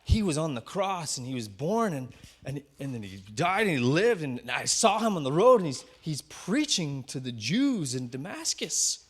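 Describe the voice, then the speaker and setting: An insistent, zealous new convert, voiced by a man pressing his message on a crowd. His earnest tone sits fairly high and moves with lively swings in pitch. A sermon retelling, not a polished production. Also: moderate pace, slightly rough. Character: zealous newly converted male apostle, insistent.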